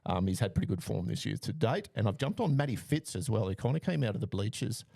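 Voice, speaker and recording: Gravelly low-voiced man. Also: fast talker, no echo, studio quality. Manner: relaxed, rattles through names and odds with fillers. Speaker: podcast co-host giving betting picks. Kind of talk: casual podcast chat.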